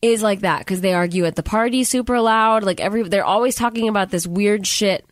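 A woman's voice: medium pitch, fairly quick, no room sound. Chatty woman recapping a movie. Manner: chatty retelling with fillers and quoted lines. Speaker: podcast co-host. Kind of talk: casual movie recap chat.

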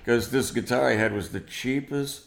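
A man with a gravelly, creaky voice, telling a story in an animated way and acting out what people said. He sounds like he is in a roomy space with some echo. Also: medium pitch, normal speed. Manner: animated, acts out quoted dialogue. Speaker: guest musician. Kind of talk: storytelling interview.

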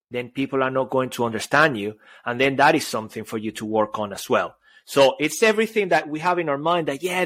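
A man's voice: medium pitch, no echo. A man with a Spanish accent, a native Spanish speaker, co-hosting a podcast in playful, rambling chat. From Spain. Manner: playful, laughs often, rambling. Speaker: podcast co-host.

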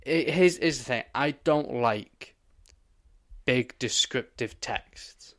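A young man co-hosting a podcast, telling an animated story in casual chat and swearing often. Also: medium pitch, takes it slowly. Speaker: podcast co-host.

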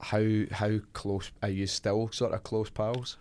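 Brief: male podcast host, low voice, curious interviewer. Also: flat delivery, slow, darkish tone. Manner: curious, prompting questions. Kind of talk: conversational interviewing.

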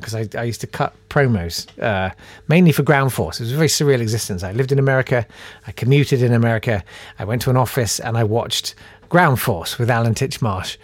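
A man's voice: mid-range voice, no echo. A man hosting a podcast, telling a story about himself in a casual way and reading out emails from listeners. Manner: animated, self-deprecating, acts out voices in his anecdotes. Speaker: podcast host.

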